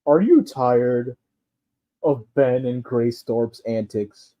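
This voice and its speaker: A man doing a slick TV-ad lawyer pitch. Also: no echo, natural voice. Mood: salesy. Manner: slow, drawn-out sales pitch. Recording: dull lo-fi recording.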